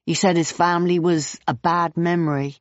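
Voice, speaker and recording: A man's voice: fairly high pitch, little pitch movement, normal speed, no echo, lightly acted. A narrator voicing an easygoing, friendly male clown with a West Country accent, a bit hesitant, on a dull, dry recording. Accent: West Country English.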